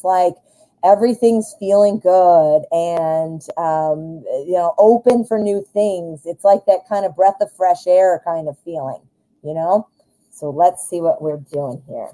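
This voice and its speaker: A woman's voice: on the low side, warm tone, rough recording. A woman from the United States hosting a live-stream tarot reading. She rambles, thinks aloud with many fillers, goes off on tangents, and jokes at her own expense. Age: adult, married. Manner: self-deprecating humor, goes off on tangents. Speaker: tarot reader host.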